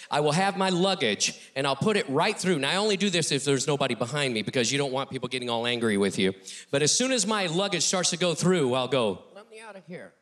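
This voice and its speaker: A middle-aged male ventriloquist doing a comedy routine on a TV talk show stage. He is animated and often chuckles between lines. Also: fairly high pitch. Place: TV studio stage with audience.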